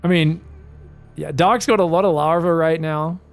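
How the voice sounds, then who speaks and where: Excitable man casting esports. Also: on the high side, normal speed, faint music behind. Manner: excitable, shouting reactions to plays; chatty asides, addresses viewers as guys. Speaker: esports caster. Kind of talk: solo game commentary.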